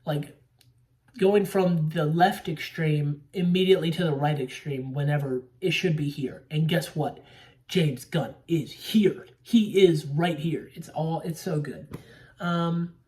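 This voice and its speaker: A woman reacting to a movie trailer in a rambling, profane, excitable fan chat. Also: sits low, unhurried, recorded from a distance.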